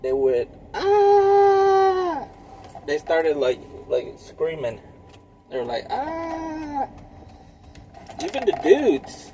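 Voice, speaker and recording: A man in his thirties rambles slowly through a casual monologue, packing his talk with filler words and swearing. Loud car and traffic noise runs behind him. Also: mid-range voice, lively intonation, rough recording. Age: 30s. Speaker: vlogger.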